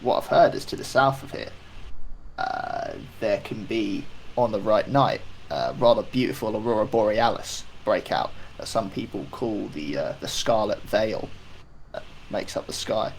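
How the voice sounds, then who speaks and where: Cast: man playing a genteel traveler, low gravelly voice, lively lilt, faint background hum. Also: measured pace, poor audio. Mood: polite. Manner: chatty, genteel, calls others mate. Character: polite male tourist adventurer.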